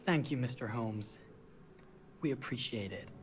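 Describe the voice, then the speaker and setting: An actor playing a polite, gently teasing young husband in video game dialogue. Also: male voice, medium pitch, measured pace, slight background noise, lightly acted. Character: friendly, wry young husband on honeymoon.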